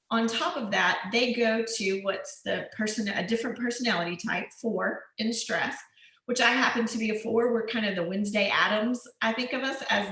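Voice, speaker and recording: A woman's voice: on the high side, sharp tone. Chatty woman in an echoey room. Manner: rambling, conversational, with self-corrections and light laughs. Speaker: workshop speaker on screenwriting. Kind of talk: casual workshop talk.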